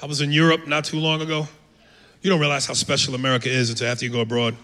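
A man's voice: medium pitch, monotone, racing, bright, forceful tone. A man doing a brash, profane stand-up set in a comedy club, acting out voices. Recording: live club mic with echo and noise.

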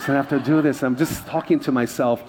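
A man's voice: mid-range voice, fairly even intonation, fast talker, heavy background noise. A man preaching a sermon to his church, conversational and joking with the congregation. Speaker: pastor.

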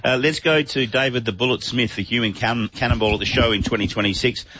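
A man hosting a casual radio chat, easygoing and quick to laugh. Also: medium pitch, pushed and bright, slight background noise. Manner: chatty, laughs easily. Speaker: radio host. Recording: muffled radio broadcast audio.

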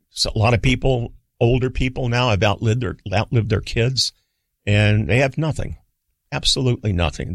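An older man, a guest on a radio talk show, telling stories in a relaxed, rambling way with fillers and restarts. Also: fairly low pitch, no room sound. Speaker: guest, radio executive and author. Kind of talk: relaxed storytelling. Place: studio.

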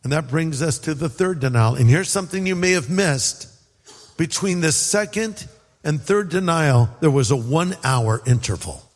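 A man's voice: a little high, lively intonation, moderate pace, in a large hall. A man from California preaching a sermon in a conversational way, acting out quotes and adding asides. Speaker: pastor.

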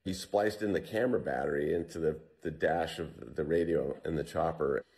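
A man being interviewed, recounting a survival story in a relaxed, storytelling way with fillers and restarts. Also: rumbling low, moderate pace. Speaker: interview guest.

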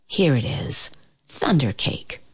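A woman's voice: sits low, very animated, slow, husky, no echo, full character voice. A woman voicing a kindly, reassuring old grandmother in a storybook read-aloud, with a soothing, folksy manner.

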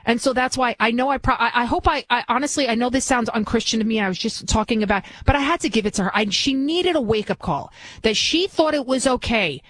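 A woman's voice: fairly high pitch, fast talker, a bit bright, no room sound, poor audio. Indignant woman radio host, dry sound. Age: 40s. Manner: indignant, ranting. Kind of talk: talk radio monologue.

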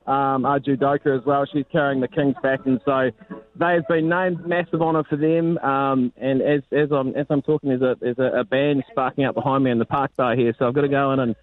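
A man's voice: medium pitch, steady tone, fairly quick, narrow, tinny audio. A man reporting live in a matey, rambling way, often restarting his sentences. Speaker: sports reporter calling in. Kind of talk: casual live cross report.

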